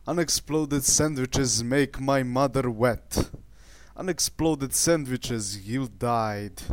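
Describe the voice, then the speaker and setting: A man voicing a crude ranter with a put-on Russian accent and deliberately broken English. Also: mid-range voice, no echo, lightly acted.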